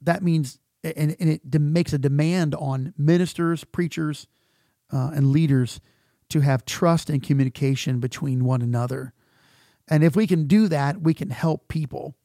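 Earnest, gravelly pastor. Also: male voice, a little high, mellow, dry recording, clean studio sound. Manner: earnest, halting with frequent repeated words. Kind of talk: conversational teaching talk.

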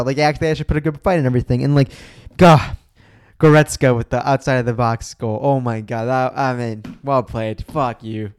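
A young man hosting a casual solo soccer podcast, excitable and rambling, swearing often as he reacts. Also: fairly high pitch. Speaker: podcast host.

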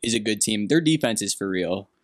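A man's voice: fairly low pitch, expressive, brisk, no echo, clean studio sound. A young man from Green Bay co-hosting a podcast, giving blunt, opinionated takes in casual sports chat. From Green Bay, Wisconsin. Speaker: podcast co-host.

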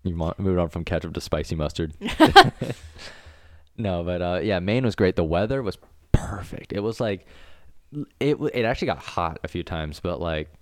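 Very deep-voiced young man, rambling chat. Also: expressive, normal speed, dry recording, clean studio sound. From Florida. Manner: rambling, swears freely, laughs often. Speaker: podcast co-host. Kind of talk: casual chat.

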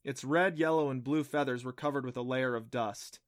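A man reading a middle-grade adventure audiobook in an even storytelling manner. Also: medium pitch, moderate pace, no echo, studio quality. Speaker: audiobook narrator. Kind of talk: scripted audiobook narration.

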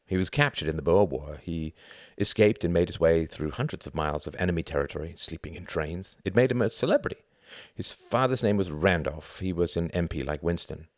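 Man reading as a calm know-it-all guy, deep voice, matter of fact, dry. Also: no room sound. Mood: informative. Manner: measured, lecturing.

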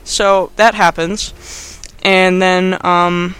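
A man's voice: sits high, steady tone, moderate pace, pushed and bright, clear, resonant tone. A young man recapping a movie in a casual, rambling, sarcastic way, laughing as he talks. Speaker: podcast host.

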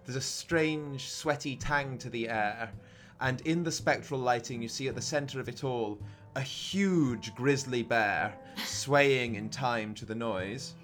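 A man's voice: mid-range voice, a little slow, fairly bright tone, faint music behind. A man narrating a tabletop role-playing game as game master, playful and descriptive.

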